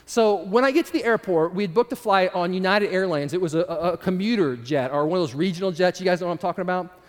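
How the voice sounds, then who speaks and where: Speaking fast in a high voice within a large hall, a man shares a personal story as a storytelling sermon. His delivery is casual and chatty, with asides directed at the audience.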